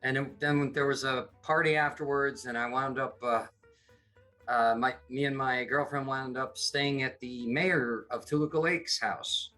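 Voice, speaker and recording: A man's voice: medium pitch, fairly even intonation, measured pace, bright, forceful tone, soft background music. A middle-aged man from upstate New York, a comedy producer chatting as a podcast guest, rambling with many restarts. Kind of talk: casual interview chat.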